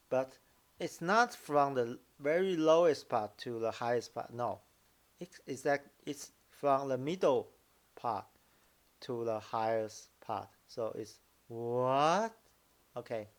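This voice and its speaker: A man teaching Mandarin tones in a casual lesson, explaining slowly and repeating example syllables. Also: medium pitch. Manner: slow, repetitive explaining, drawing out example syllables. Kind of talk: casual language lesson commentary.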